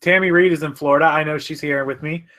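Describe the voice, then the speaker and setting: A man chats on a casual live stream from his home office, rambling loosely and correcting himself as he reads out viewers' comments. His voice is bright and forceful, a bit above typical male pitch, with a steady tone and fast delivery.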